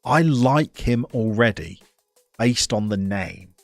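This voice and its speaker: A man's voice: fairly low pitch, expressive, slow pace, no room sound, faint music behind. Chatty man streaming a game. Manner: chatty and playful, talks to the players and the chat. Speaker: streamer playing a football management game. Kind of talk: live gameplay commentary.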